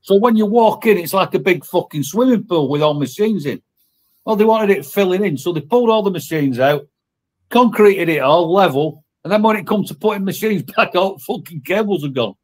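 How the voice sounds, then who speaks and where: A man's voice: high voice, lively intonation, brisk. Blunt man, swearing storyteller. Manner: blunt, heavy swearing, vivid workplace anecdotes. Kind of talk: casual storytelling.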